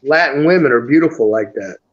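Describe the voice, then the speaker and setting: A man guesting on a live chat stream, crude and quick with quips. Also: mid-range voice, lively intonation, lo-fi sound. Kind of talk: casual chat.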